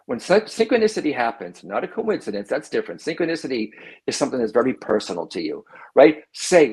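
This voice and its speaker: A man, a guest on a talk show, explaining in an animated conversational way and acting out the voices he quotes. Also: mid-range voice, brisk, husky. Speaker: psychic medium guest.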